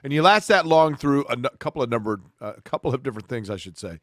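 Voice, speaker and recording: A man co-hosting a sports talk show, talking in a steady, measured way and reading sponsor spots. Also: medium pitch, no echo, studio quality. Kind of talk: casual sports talk and live read ads.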